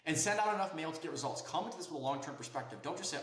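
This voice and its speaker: A man's voice: a little high, expressive, quick pace, fairly bright tone, echoey room, poor audio. A man coaching viewers on land investing in an emphatic, instructional way, checking in often with "okay?" and "right?". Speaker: land investing sales consultant. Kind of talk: instructional talk to camera.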